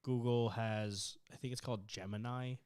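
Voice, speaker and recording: A young man co-hosting a podcast in casual chat, animated and swearing as he acts out arguments with his phone. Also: medium pitch, normal speed, smooth. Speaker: podcast co-host.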